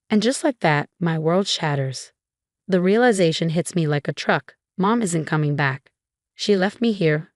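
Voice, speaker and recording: A woman reading a first-person story aloud in a steady, even narration. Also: on the low side, no echo, studio quality. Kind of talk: scripted narration.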